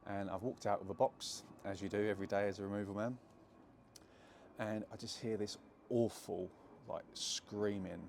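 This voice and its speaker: A man's voice: fairly low pitch, little pitch movement, normal speed, gravelly, a little mellow, slight background noise. A young adult man, chattily retelling a true story to camera with lots of fillers. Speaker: property investor telling a story.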